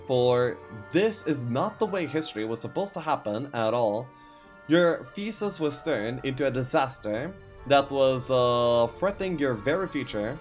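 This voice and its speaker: A man's voice: medium pitch, big pitch swings, normal speed. A man reading a game's story text aloud, stopping for asides and frequent "uh"s. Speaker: gaming YouTuber reading a map's story. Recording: faint music behind.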